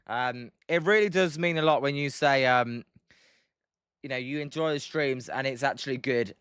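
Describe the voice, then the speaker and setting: A man's voice: on the high side, fairly bright tone, clear, resonant tone, dry recording, clean studio sound. A British man hosting a live stream, calling a baseball game and chatting with viewers, with lots of ums between plays. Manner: chatty, many ums, reads chat aloud. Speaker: livestream host doing play-by-play. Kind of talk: casual live commentary with chat replies.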